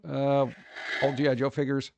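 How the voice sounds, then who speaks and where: A man's voice: mid-range voice, monotone, moderate pace, vocal fry, a little mellow, highs cut off. A man streaming live, chatting casually and reading news aloud with offhand jokes in a rambling way.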